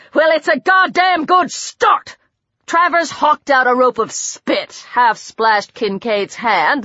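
A woman narrating a horror novel in a measured, dramatic reading. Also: fairly high pitch, fairly bright tone, no room sound. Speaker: audiobook narrator. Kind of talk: scripted narration. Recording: dull dry audiobook recording.

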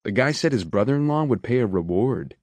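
A man's voice: mid-range voice, animated, brisk, a little mellow, dry recording, natural voice. A man voicing a chatty, insistent male railroad loader in an audiobook. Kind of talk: audiobook character voice.

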